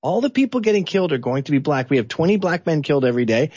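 A man from Canada giving blunt, animated political opinions as an interview guest. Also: very fast, breathy edge, no room sound, dull audio. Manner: blunt, animated, sweeping pitch swings.

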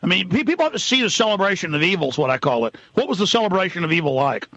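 A radio talk show host, ranting furiously and often shouting, live on air. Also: male voice, high-pitched, sing-song, very fast, highs cut off.

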